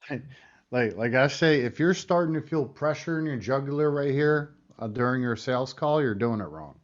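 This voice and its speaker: A man's voice: mid-range voice, expressive, moderate pace. Slangy man with dull audio. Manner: casual, slangy, "you know what I mean". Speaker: host. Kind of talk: casual interview chat.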